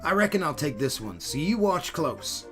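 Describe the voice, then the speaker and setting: A man's voice: fairly high pitch, big pitch swings, moderate pace, a bit bright, soft background music. A man voicing a helpful, folksy male Nuzleaf with an American Southern accent, reading the game dialogue aloud. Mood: folksy advice. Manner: folksy, drawling, exclamatory.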